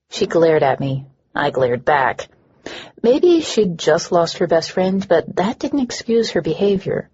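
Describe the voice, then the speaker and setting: A woman reads a first-person audiobook with a dry, wry edge. Her voice is low and breathy-husky. The recording sounds dull and lo-fi. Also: big pitch swings, a little slow, darkish tone. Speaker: audiobook narrator.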